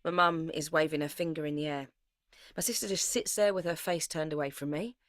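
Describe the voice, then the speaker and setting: Speaking fairly quickly in a low, natural voice, a woman is recorded dry. She acts as a young playwright giving an intense, confessional first-person account of her life. Weariness runs through it, and the character is anxious, grieving and bitter.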